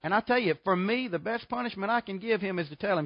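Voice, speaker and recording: A man's voice: high-pitched, quick pace, dry recording, lo-fi sound. A middle-aged man preaching a sermon in a folksy, emphatic way, full of rhetorical questions. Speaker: pastor.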